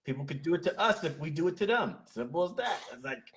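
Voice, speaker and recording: A man's voice: fairly high pitch, big pitch swings, quick pace, a little hiss or hum. A man speaking as an interview guest, opinionated and emphatic, often repeating words as he makes his point. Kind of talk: casual interview chat.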